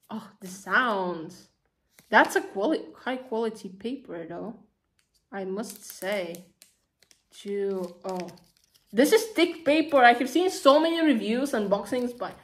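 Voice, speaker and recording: A woman talking casually through an unboxing, excitable and chatty, gushing over each item with lots of fillers. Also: fairly high pitch, unhurried. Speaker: vlogger.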